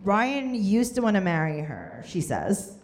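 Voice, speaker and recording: A chatty woman co-hosting a live podcast, her pitch swinging up and down as she jokes through a recap. She talks casually and keeps slipping into mocking impressions. She is speaking to a live audience. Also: huge pitch swings, unhurried. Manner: joking, chatty, drops into mocking quoted voices. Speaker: podcast co-host recapping a reality show.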